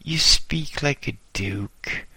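A man's voice: medium pitch, animated, slow pace, gravelly, bright, forceful tone, husky, no echo, voice pushed up, exaggerated voice. A man voicing a brusque, coarse London employment agent. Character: coarse, cigar-chewing London agency man.

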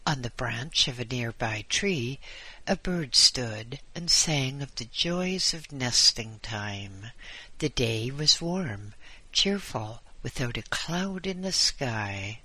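A male audiobook narrator reads at an unhurried, deliberate pace. His voice is bright and slightly husky, and every phrase is placed with care. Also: mid-range voice, animated, no echo. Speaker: audiobook reader. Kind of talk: scripted narration.

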